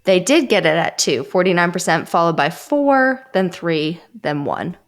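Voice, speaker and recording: Gravelly-voiced woman podcast co-host. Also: fairly low pitch, expressive, normal speed. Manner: reads listener answers aloud, laughs often. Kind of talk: casual group podcast chat.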